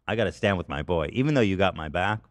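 A man's voice: sits low, animated, fast talker, no room sound. Sarcastic man hosting a podcast. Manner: sarcastic, reads comments aloud. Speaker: podcast host. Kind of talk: casual podcast banter.

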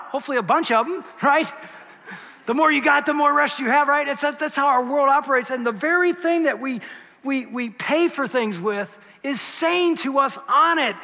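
A pastor delivers a sermon in church, his voice high, bright and forceful, moving between hushed asides and loud, emphatic lines in a conversational, animated way at a moderate pace. The sanctuary adds a long reverb.

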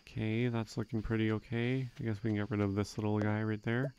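A young man giving relaxed, rambling gameplay commentary, thinking aloud with frequent fillers. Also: fairly low pitch, a little fast, background noise. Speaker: let's play gamer.

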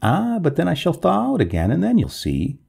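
A man's voice: fairly high pitch, huge pitch swings, moderate pace, creaky, warm tone, slightly rough, pitched above the performer's own voice, exaggerated voice. A man voicing a cold, pleading female water ghost of an old manor, melodramatic and imploring in a storybook reading. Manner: pleading, melodramatic, rising to wails.

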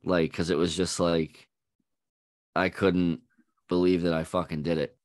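A man with a very low voice co-hosts a podcast in loose, casual chat. He swears freely and tells stories in an animated way. The recording is dry and close. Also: unhurried, no echo. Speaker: podcast co-host.

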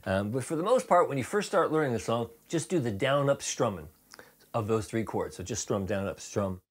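Strumming along, a man teaches rock guitar in an easygoing, chatty style, often using fillers and starting sentences over. He speaks at a normal speed with a medium pitch.

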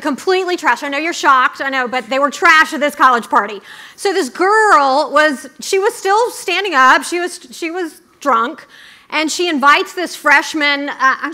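A middle-aged woman giving a chatty, brisk speech to a student audience, full of asides. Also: sits high, pushed and bright. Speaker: conference speaker.

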